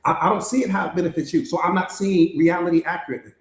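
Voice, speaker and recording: Male motivational coach preaching hard, repeats himself a lot, high-ish voice, echoey room. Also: racing. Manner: emphatic, repetitive, preaching. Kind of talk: motivational master class talk. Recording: roomy echo.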